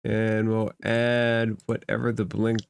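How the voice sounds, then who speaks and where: A man running a tabletop game as game master, narrating slowly. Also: lowish voice, completely flat delivery, vocal fry, clear, resonant tone.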